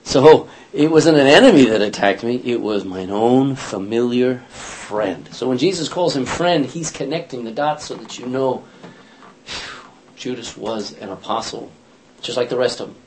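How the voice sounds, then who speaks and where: A man's voice: medium pitch, normal speed, slight background noise. A man leading an informal Bible study, telling the stories in a chatty way, acting out the lines and correcting himself as he goes. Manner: animated, chatty storytelling with self-corrections and laughs.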